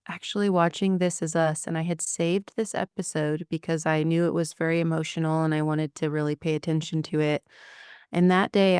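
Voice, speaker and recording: A woman in her thirties, a podcast guest, telling a painful personal story in a soft-spoken way with many ums and likes. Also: sits low, clear, resonant tone, no room sound, clean studio sound. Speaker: podcast guest, widow of a detective.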